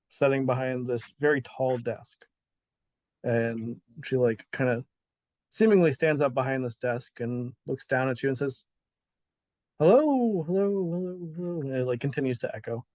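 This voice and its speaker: A man's voice: mid-range voice, fairly even intonation, moderate pace, darkish tone, dry recording. Laid-back man as game master. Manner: laid-back, laughs often, many "like" fillers. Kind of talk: narrating a tabletop game.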